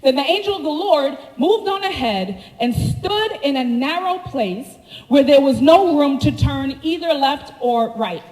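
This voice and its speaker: A woman preaching a sermon, telling the story with animated slangy asides to the congregation. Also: sits high, measured pace, roomy sound, long reverb tail, rough recording. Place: church sanctuary.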